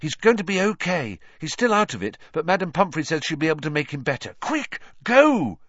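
A brave teenage boy presses his friends on in an urgent, higher voice, as a man puts him on. It sounds dry and somewhat muffled. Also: expressive, fast talker, a bit bright, dry recording. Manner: urgent, breathless, commanding.

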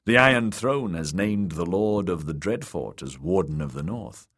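A man's voice: low voice, animated, moderate pace, a bit bright, exaggerated voice. A man reading an audiobook, voicing a confident young woman warrior who teases her uncle. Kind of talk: audiobook character voice.

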